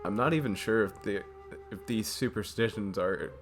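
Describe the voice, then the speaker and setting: A man's voice: lowish voice, normal speed, soft background music, natural voice. A man playing a stern, domineering dungeon keeper woman. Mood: commanding. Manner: stern, commanding, mocking. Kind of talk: reading a game's dialogue aloud.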